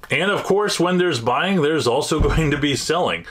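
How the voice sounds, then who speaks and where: A man's voice: fairly high pitch, animated, normal speed, a bit bright, a little hiss or hum. A man hosting his own channel, talking casually and at length about buying and selling, with frequent fillers and restarts. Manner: conversational, many fillers and restarts, rising emphatic openers. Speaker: host. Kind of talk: casual advice monologue.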